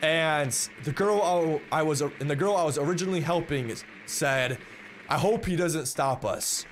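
A man's voice: on the high side, normal speed, slight background noise. A young man telling a story in a casual, rambling way, often repeating words and swearing bluntly. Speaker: vlogger.

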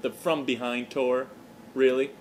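A man hosting a comedy vlog, stammering and tripping over restarts in a mock-excited way. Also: medium pitch, unhurried, slight background noise. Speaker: blog host.

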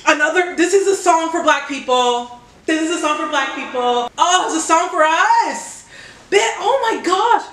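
A young woman with a very high, fairly bright voice and lively intonation reacts to music for her vlog at a normal speed, exclaiming, swearing and cheering along. As a reaction video creator, she records in an echoey room, with music from a speaker playing faintly behind her.

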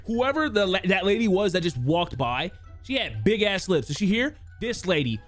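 Young guy streaming a game, high voice all over the place, cusses a lot, talks to chat. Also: moderate pace. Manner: loud, excitable, swears a lot, talks to chat; reads game text aloud in a calmer voice. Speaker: gaming YouTuber. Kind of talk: casual gameplay commentary. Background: faint game music.

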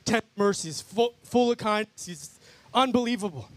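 Here a high-pitched man with lively intonation speaks at a moderate pace, sharing a fervent testimony as the guest speaker at a park worship gathering. Emphatic and repetitive, he addresses the crowd as "guys" over and over.

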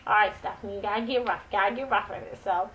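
A woman vlogger telling a story to camera in a casual, animated, chatty way. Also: medium pitch, fast, rough recording. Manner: animated, chatty, dramatic retelling.

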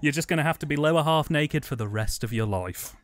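An English man co-hosting a casual film commentary, spinning dry, deadpan absurd jokes. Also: a little high, fairly quick. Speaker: podcast co-host.

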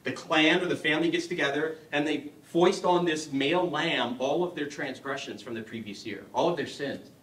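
A man's voice: fairly high pitch, moderate pace, hardly any pauses, fairly bright tone. A middle-aged man giving a conversational teaching talk at a parish adult education evening, humorous and often putting questions to the audience. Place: parish hall. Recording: echoey hall, mic far off.

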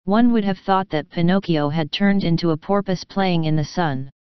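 A woman reading a classic children's story aloud in calm, even audiobook narration. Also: on the low side, moderate pace, smooth, no echo. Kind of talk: scripted narration. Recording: dull close studio sound.

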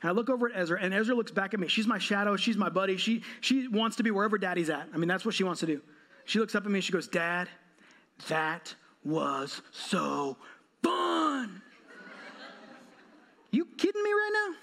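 A man's voice: high-pitched, racing, fairly bright tone. A man in his thirties, a pastor giving a sermon, telling a self-mocking, humorous story. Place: church.

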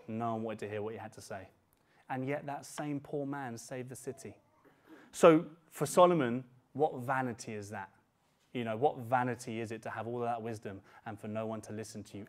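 Higher-voiced pastor preaching. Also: male voice. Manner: conversational, slows for scripture quotes. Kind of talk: sermon.

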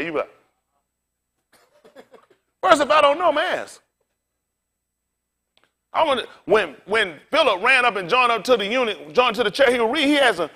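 High-voiced animated male preacher. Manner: rowdy, colloquial preaching with call-and-response. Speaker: pastor. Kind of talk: sermon.

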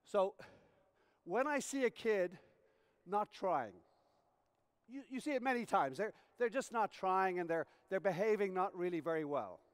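High-voiced man lecturing in a hall. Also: lively intonation, unhurried, clean tone. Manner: explains by acting out examples, often checks in with "okay?". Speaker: tennis coach educator. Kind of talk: conference lecture with demonstrations. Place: conference hall. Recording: reverberant hall recording.

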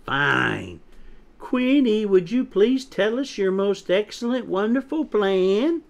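A man's voice: mid-range voice, wildly swooping pitch, slow, pitched above the performer's own voice, heavily acted. A man voicing an impatient, skeptical young male chick in a storybook reading.

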